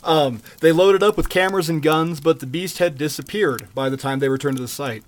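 A man's voice: fairly high pitch, a little fast. A man co-hosting a casual podcast, telling a story in a loose, joking way with plenty of fillers and swearing. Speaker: podcast co-host.

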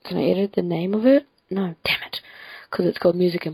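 Gravelly, husky young woman from France. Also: fairly low pitch, fast talker, a little mellow, no echo, rough recording. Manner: rambling, self-correcting, laughs often. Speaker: podcast host. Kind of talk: casual chat. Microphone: home computer mic on a Skype call.

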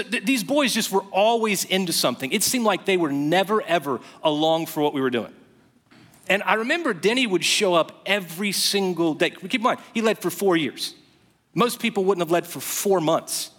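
A man preaching a sermon as pastor, telling stories with animated, emphatic rising phrases. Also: high-pitched. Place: church auditorium. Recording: long reverb of a large hall.

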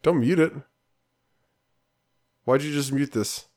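A man co-hosting a laid-back podcast, chiming in with short teasing remarks. His voice sits at an everyday middle pitch and he argues playfully with his partner. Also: slow, a little mellow. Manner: teasing, contrary quips. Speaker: podcast co-host. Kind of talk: casual podcast chat.

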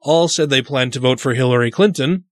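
A man's voice: mid-range voice, a little fast, no room sound. A man hosting a podcast, reading news items and giving profane, indignant commentary. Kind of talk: casual chat.

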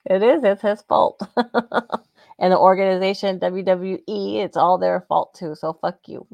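A woman's voice: medium pitch, fairly even intonation, creaky, darkish tone, no room sound. A woman co-hosting a casual wrestling talk show, blunt and agreeable, cursing freely. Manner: blunt, agreeable, quick to laugh and curse. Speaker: podcast co-host.

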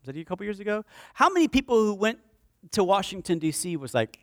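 A man delivers an impassioned sermon, his voice sitting very high for a man. He swings between loud declarations and hushed, pleading prayer. The sound is dry and close, with no room echo. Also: sing-song, quick pace. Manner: impassioned preaching, swinging from shouts to hushed pleas. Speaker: pastor.

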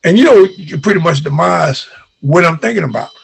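An older man tells his memories as an interview guest. He acts out the dialogue as he goes. His voice is high-pitched, deeply gravelly and raspy. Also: fairly quick. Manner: animated retelling with quoted dialogue. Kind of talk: storytelling in an interview.

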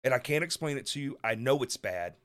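A man's voice: mid-range voice, lively intonation, fairly quick, a bit bright. A man hosting a podcast in loose, casual chat, swearing freely and laughing often. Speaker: podcast host.

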